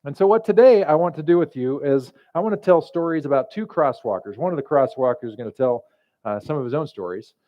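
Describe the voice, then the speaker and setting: A man's voice: a little high, animated, fast, highs cut off. Conversational male pastor preaching. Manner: conversational, joking storyteller. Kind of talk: sermon.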